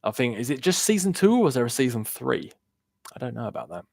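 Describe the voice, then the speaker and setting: A man's voice: medium pitch, sing-song, fast talker, creaky, darkish tone, no room sound, studio quality. A young man chatting casually on a gaming live stream, rambling loosely and answering viewer questions from chat. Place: home room. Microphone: worn-out desk microphone.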